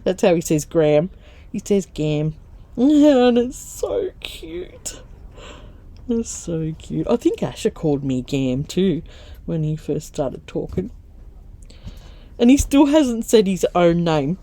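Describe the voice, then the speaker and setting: A woman's voice: fairly low pitch, big pitch swings, slow pace, mellow. An older woman, chatting candidly while she sews for her craft vlog, laughing often. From Australia. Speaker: craft vlogger. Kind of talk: casual chat while sewing.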